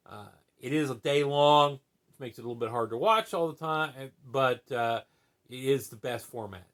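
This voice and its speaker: A man talks through his opinions in a relaxed, rambling vlog style. He leans on fillers and tag questions as he goes. His voice sits at an average middle pitch. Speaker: channel host.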